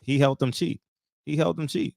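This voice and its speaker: A man hosting a talk show, answering the caller with calm, brief affirmations. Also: a little high, moderate pace, vocal fry, no echo, clean studio sound. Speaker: host. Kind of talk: casual talk show chat.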